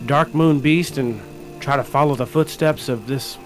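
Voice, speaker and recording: A man's voice: mid-range voice, normal speed, soft background music, close to an everyday voice, rough recording. A man as game master voicing an earnest, hesitant small-town constable in a tabletop role-play. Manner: hesitant, many restarts and fillers.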